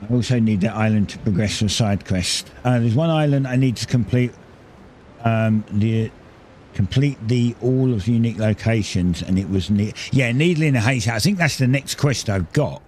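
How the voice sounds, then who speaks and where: A low-voiced man chats his way through a building game, explaining each step as he goes and often stopping to correct himself. His talk is loose and unscripted, with a faint hiss of background noise under the voice. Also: moderate pace, darkish tone. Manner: rambling, self-correcting, explains building steps. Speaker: gaming streamer. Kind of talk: casual gameplay commentary.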